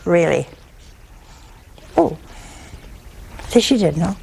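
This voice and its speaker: An older woman gives a religious talk in a gravelly, fry-touched voice. She moves between slow, deliberate quotations and wry little stories. Faint noise sits behind her. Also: medium pitch, expressive, darkish tone. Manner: storytelling, slow deliberate quoting, wry humor. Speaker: preacher.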